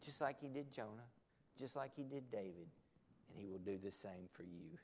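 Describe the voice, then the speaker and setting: A man preaching a sermon as a pastor, moving between loud urgent pleas and hushed, pleading asides. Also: medium pitch, moderate pace, a little hiss or hum. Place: church sanctuary. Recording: long reverb of a large hall.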